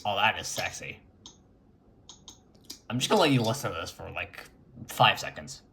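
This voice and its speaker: A man's voice: lowish voice, expressive, pushed and bright, slight background noise. A man chatting casually as he records his screen and talks through an old computer setup. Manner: unhurried, chatty, mutters while clicking. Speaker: retro computing vlogger.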